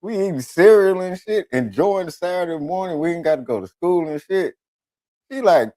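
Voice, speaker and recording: A man's voice: high-pitched, normal speed, dry recording. A man hosting a radio talk show, telling profane, comedic stories and often slipping into the voices of other people. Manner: animated storytelling, switches into voices of others.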